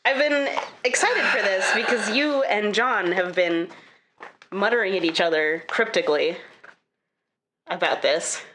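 A woman co-hosting a podcast in casual chat, upbeat and quick to laugh. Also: medium pitch, a bit bright, slight background noise. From Idaho, USA. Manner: laughs often, chatty and upbeat. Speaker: podcast co-host.

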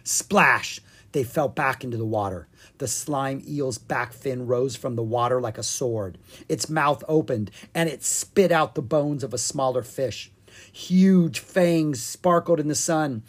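A reader narrating a children's storybook in an animated, playful way, reading the sound effects aloud. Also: mid-range voice, unhurried, slightly rough. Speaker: audiobook reader.

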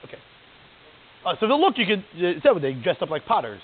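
A man giving a lively, digressive lecture as a religious teacher, often checking in with "right?". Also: high-pitched, a little fast. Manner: animated, digressive, keeps asking "right?". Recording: tinny phone-like line.

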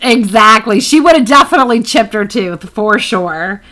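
A woman co-host with a high voice tells stories in loose, casual chat, laughing often and swearing freely. Her tone is very bright and her stories are lively. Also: normal speed, poor audio. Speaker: podcast co-host.

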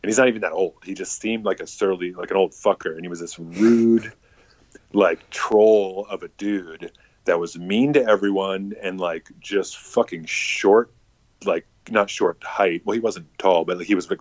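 A man's voice: deep voice, fairly even intonation, moderate pace, no room sound. A man telling a casual, rambling story full of swearing and filler words.

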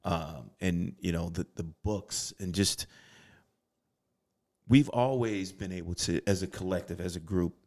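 A middle-aged man with a very low, gravelly voice speaks thoughtfully as a podcast co-host. He often stops and restarts his sentences while he thinks aloud. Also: darkish tone. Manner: reflective, halting with restarts. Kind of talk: casual chat. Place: studio.

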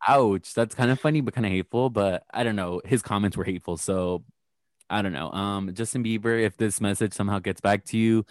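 A man with a lowish voice talks fairly quickly on a dry, studio-quality recording. He's co-hosting a podcast, chatting casually and bluntly, swearing a lot and rambling with plenty of fillers.

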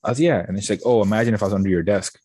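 A man's voice: on the low side, racing, husky, dry recording. A young man, a guest on a podcast, tells a story casually, swearing freely and acting out the back-and-forth dialogue. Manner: animated, swearing, acts out quoted dialogue.

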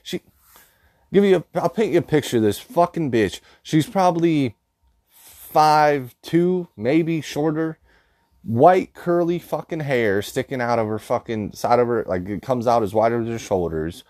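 A man's voice: medium pitch, animated, unhurried, a little mellow, no room sound, studio quality. A man telling a story as an angry, blunt rant full of swearing. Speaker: vlogger.

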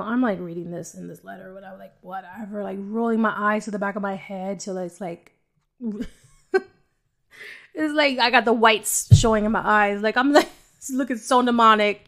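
A woman's voice: medium pitch, vocal fry. Joking woman. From New York City. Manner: rambling, joking, laughs often between phrases. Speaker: podcast host. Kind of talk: personal faith testimony, casual chat.

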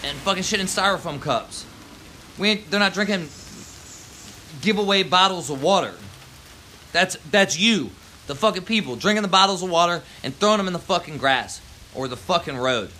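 A man's voice: high-pitched, expressive, moderate pace, bright, forceful tone, a little hiss or hum. A man, ranting heatedly and profanely on his porch, dropping "man" and "yo" throughout. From Baltimore, Maryland. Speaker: vlogger. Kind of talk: profane outdoor rant. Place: front porch outdoors in the rain.

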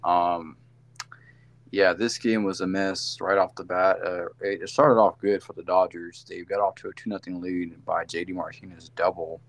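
Deep gravelly guy doing a sports podcast, lots of ums and uhs, rambles. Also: steady tone, normal speed. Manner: rambling, self-correcting with many fillers. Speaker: podcast co-host. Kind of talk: casual sports podcast chat.

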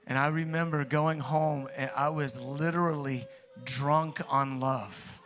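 A man's voice: on the high side, steady tone, takes it slowly, fairly bright tone, slight background noise. A man preaching, telling his own story in a conversational way, with restarts that build to emphatic peaks. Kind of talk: personal testimony sermon.

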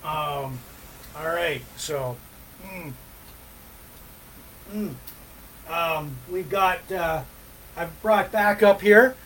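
A man hosting a casual live stream, rambling between topics with many fillers and pauses. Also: on the high side, fairly bright tone, slight background noise, poor audio. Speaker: podcast host.

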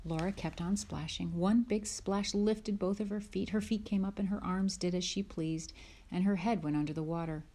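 A woman reading a children's book aloud, gentle, dropping to a whisper in tense moments. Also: lowish voice, normal speed. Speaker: narrator.

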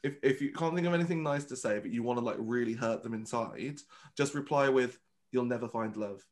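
Campy drag performer, chatty. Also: male voice, medium pitch, a little fast. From United Kingdom. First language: Vietnamese. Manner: animated, campy storyteller who acts out quotes. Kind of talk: casual interview chat.

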